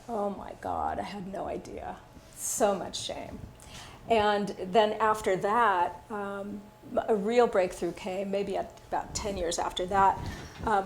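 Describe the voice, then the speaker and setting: An older woman in her sixties teaches a workshop in a casual, unguarded way. Her voice sits at a middle pitch as she shares personal stories, pausing often on small fillers. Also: a little hiss or hum. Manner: candid, personal storytelling with fillers. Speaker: workshop instructor.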